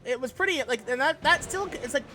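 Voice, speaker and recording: A woman's voice: high voice, expressive, fairly quick, background noise. Giggly, rambling woman streamer. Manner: giggly, rambling, lots of fillers. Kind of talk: live gameplay commentary.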